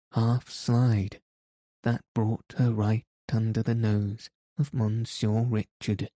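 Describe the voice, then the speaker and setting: A man reading a classic novel aloud in measured, even scripted narration. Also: on the low side, no room sound, studio quality. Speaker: audiobook narrator.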